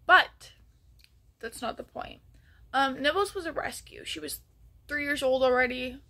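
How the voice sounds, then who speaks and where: Bright sharp-voiced woman vlogging, rambly storyteller, um-heavy, slips into whispers. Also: high-pitched, very animated, a little slow, vocal fry. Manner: rambling, full of ums and restarts, drops to a near whisper at times. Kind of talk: casual storytelling.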